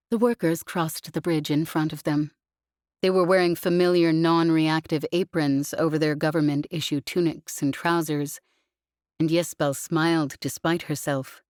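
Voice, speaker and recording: Woman reading a sci-fi audiobook, low voice, slow, super dry close sound. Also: fairly even intonation, darkish tone, dry recording. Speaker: audiobook narrator. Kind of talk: scripted narration.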